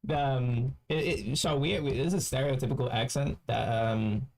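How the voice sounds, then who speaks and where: A man giving casual commentary as a streamer, rambling and halting with many restarts. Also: mid-range voice, vocal fry, darkish tone. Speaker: streamer reacting to clips.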